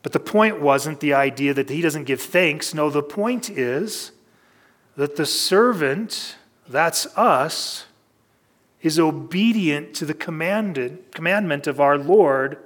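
A man preaching a sermon in a relaxed, conversational teaching style, working through a scripture passage. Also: fairly high pitch. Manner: conversational teaching, reads scripture aloud, varied pacing. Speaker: pastor. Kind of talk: expository sermon.

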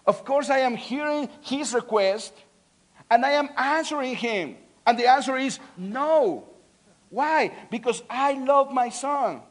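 A man, swinging between loud pleading and soft earnestness, often restarting and repeating words. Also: very high-pitched, expressive, unhurried. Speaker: preacher. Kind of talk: sermon.

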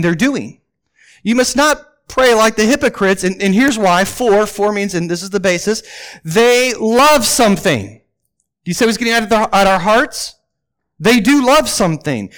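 A man's voice: sits high, a bit bright. A male pastor preaching a sermon, emphatic, repeating key lines and asking his congregation questions.

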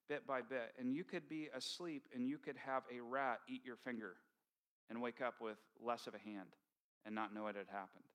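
Man, pastor, sermon, bright voice, conversational, animated storytelling. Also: medium pitch. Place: church sanctuary with congregation.

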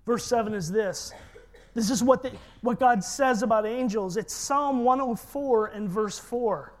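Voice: medium pitch, unhurried. A preacher giving an emphatic sermon and leading the congregation in call-and-repeat. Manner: emphatic, leads congregation in repetition.

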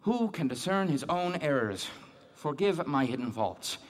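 A man's voice: fairly high pitch, big pitch swings, a little slow. An actor playing a devout, troubled man who reads scripture aloud and keeps questioning his own guilt and faith. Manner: questioning, searching, self-doubting. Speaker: man reading scripture alone. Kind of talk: dramatic monologue.

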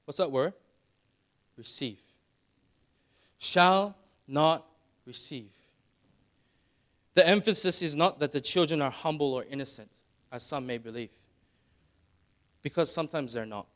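Middle-aged male pastor, slightly high voice, emphatic sermon delivery. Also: moderate pace, pauses often. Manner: preaching, rising to loud emphatic passages.

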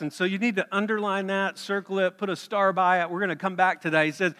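A male pastor delivers a sermon in a bright, forceful voice, telling the story in a conversational way and putting questions to his listeners. His voice rings out with a long reverb from a large hall. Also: high voice, flat delivery, fast, few pauses.

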